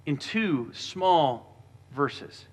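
A man preaching a sermon as pastor, earnest, with quieter stretches when he reads scripture. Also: fairly high pitch, lively intonation, drawn-out words.

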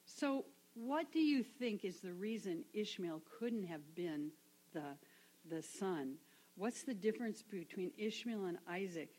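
A woman teaching a Bible lesson, animated and acting out the quoted voices as she reads. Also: mid-range voice, measured pace, poor audio. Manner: animated, acts out quoted voices with laughs and whispers.

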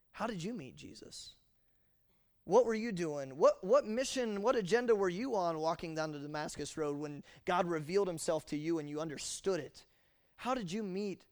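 A man with a high voice preaches a sermon, animated and emphatic. He acts out the scripture lines he quotes. The sound is dry and close, with almost no room echo.

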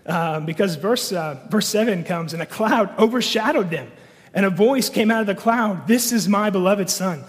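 Pastor guy preaching, kinda high voice, lots of ums and restarts, echoey hall. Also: lively intonation, normal speed. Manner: conversational, many fillers and restarts. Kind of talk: sermon.

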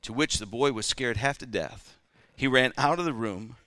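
In a dry recording, a pastor with a mid-range, pushed and bright voice delivers a Pentecost Sunday sermon at normal speed. Throughout the church service he leads call-and-response, checking on the listeners by repeatedly asking "all right?"

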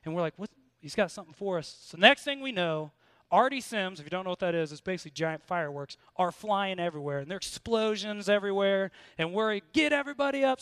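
A man's voice: high-pitched, fairly bright tone, clear, resonant tone, no echo. An American man preaching a sermon, mixing scripture with a story from his own army days, earnest and building in intensity.

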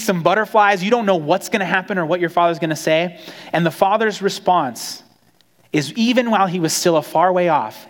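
Male pastor, conversational storytelling sermon, higher-pitched, echoing hall. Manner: conversational, animated storytelling with acted quotes.

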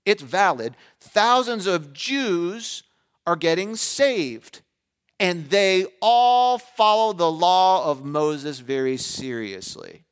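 A middle-aged pastor preaching in a loose, chatty way, with a voice that sits a little high for a man. He slips in sarcastic asides and acts out the people in the story. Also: lively intonation, takes it slowly, smooth. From Pennsylvania, USA. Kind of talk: sermon.

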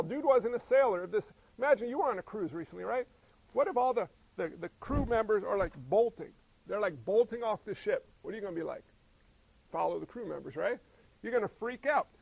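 A man preaching a sermon in a lively, conversational way, firing rhetorical questions and acting out quoted voices. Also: high voice, creaky, low-quality recording. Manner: acts out quoted voices in character. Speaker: pastor.

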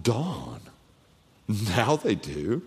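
A man's voice: lowish voice, huge pitch swings, drawn-out words, gravelly, breathy edge. A man preaching a sermon as the pastor, telling a childhood story and asking his congregation rhetorical questions. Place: church hall. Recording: long hall reverb.

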